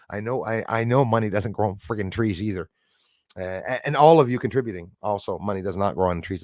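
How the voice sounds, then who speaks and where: Man, middle-aged, live streamer, excitable, fairly low voice, dry close sound. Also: no room sound. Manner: excitable, thanks viewers by name; swears when angry. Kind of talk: casual live stream chat.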